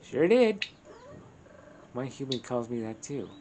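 A man voicing an excitable, friendly male pet dog in a video game, reading its lines with eager, bubbly delivery over background noise. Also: medium pitch, slow pace. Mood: proud.

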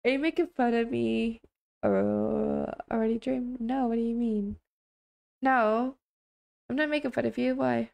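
A woman's voice: fairly high pitch, steady tone, a little slow, vocal fry, darkish tone. A young woman livestreaming, chatting casually with viewers on a headset mic, apologetic and laughing often.

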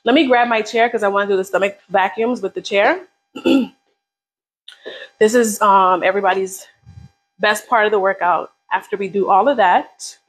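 A woman's voice: mid-range voice, normal speed, pauses often, breathy edge, poor audio. A woman leading a live beginner workout, coaching casually and encouragingly while counting down reps. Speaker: fitness instructor.

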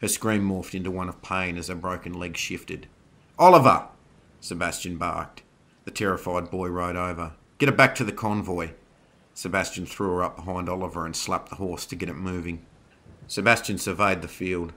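A man with a very deep voice narrates a scripted horror tale. His tone is bright and forceful despite the low pitch. He tells the story in a steady, dramatic way. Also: normal speed.

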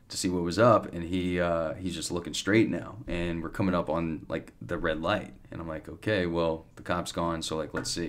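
A man in his thirties, a podcast guest, telling a long story in a casual, animated way with lots of restarts and fillers. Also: sits low.

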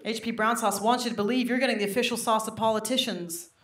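A young woman doing stand-up with an American accent picked up over a mixed British upbringing, brash and self-mocking with quick asides to the crowd. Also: fairly high pitch, steady tone, a bit bright. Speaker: stand-up comedian. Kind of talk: stand-up comedy set. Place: comedy stage before a live audience. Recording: roomy live venue, faint noise.

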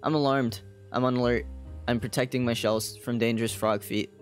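A man's voice: mid-range voice, steady tone, a little fast, soft background music, pitched below the performer's own voice, close to an everyday voice. A man voicing a jittery, overprotective island creature who guards tiny shells, reading game dialogue aloud in an alarmed, huffy way. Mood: fussy alarm.

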